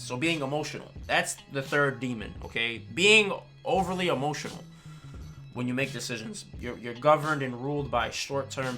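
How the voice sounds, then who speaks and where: A man chatting casually on a stream, telling a story in an animated way with slang and swearing and often checking in with his listeners. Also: medium pitch. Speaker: streamer and fighting game player. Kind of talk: casual chat.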